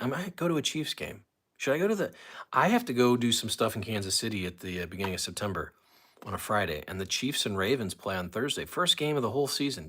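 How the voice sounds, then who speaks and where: The host of this casual live stream has a mid-range, fairly bright voice. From a room at home featuring an autograph wall, he rambles on, reads viewer comments aloud and walks about while talking.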